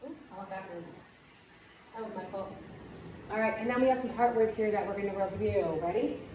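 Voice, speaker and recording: A woman reading teacher giving a demonstration lesson, with clear, encouraging, step-by-step instructions and asides to other teachers. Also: mid-range voice, a little fast. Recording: echoey room, dull and noisy sound.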